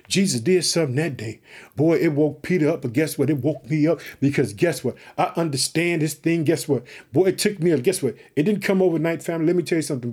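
A man from Chicago preaches on his own podcast with fervent, repeated call-outs to his listeners. His voice is husky and dark-toned, sitting a little high for a man. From Chicago, Illinois. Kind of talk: sermon.

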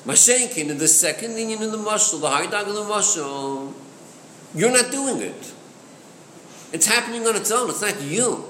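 A Torah teacher explains a chassidic text in English sprinkled with Hebrew terms, posing rhetorical questions as he goes. His high, bright voice is expressive and forceful at a moderate pace, recorded in an echoey room with long reverb and faint noise.

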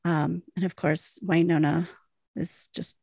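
A young woman chats her way through a TV episode recap, trailing off into fillers and laughing as she goes. Her voice has a gravelly, fry-heavy edge. It sits dry and close to the mic. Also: on the low side, level tone, a little slow, darkish tone, no room sound. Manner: rambling, many fillers, laughs often. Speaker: podcast co-host. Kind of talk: casual recap chat.

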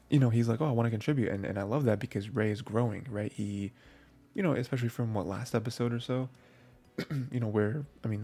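A man's voice: lowish voice, gravelly, darkish tone. A man giving a casual, rambling review of anime episodes, full of fillers and restarts.

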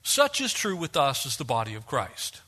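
A man preaching a sermon, animated and fond of acting out quoted voices. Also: medium pitch, moderate pace. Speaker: pastor.

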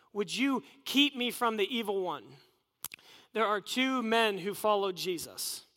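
A man's voice: high-pitched, bright, forceful tone, in a large hall. A man preaching a sermon in an earnest, conversational way. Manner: earnest, conversational preaching with acted inner voices.

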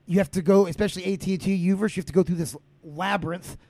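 A man rants on his comedy podcast, swearing and tripping over his own restarts. His voice sits high and crackles with gravel. The recording is close and completely dry. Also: fairly even intonation, fast talker, dark tone, no room sound. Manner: ranting, profane, full of restarts. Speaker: podcast host. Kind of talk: casual comedic podcast rant.

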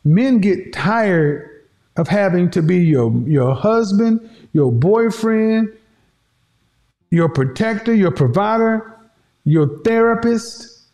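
A man's voice: sits high, lively intonation, takes it slowly, warm tone. A man talking to his audience in an emphatic, preachy commentary, repeating his points for effect. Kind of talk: opinionated commentary monologue.

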